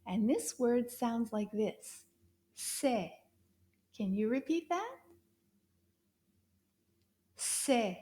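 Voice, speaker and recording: A woman teaching a children's French lesson, speaking slowly and encouragingly, repeating words for young learners to echo, with soft whispered asides. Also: on the high side, animated.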